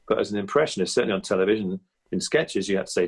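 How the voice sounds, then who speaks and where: Man, comedian guest, podcast interview, husky, fairly low voice, chatty, reflective. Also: racing. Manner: reflective, chatty, with many restarts and asides.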